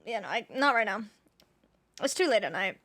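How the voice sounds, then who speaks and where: A woman's voice: mid-range voice, very animated, moderate pace, shouting, very noisy. A young woman streaming a game, chatting casually and laughing often, swearing freely and filling her talk with "like," on a close mic. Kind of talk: casual chat while gaming live.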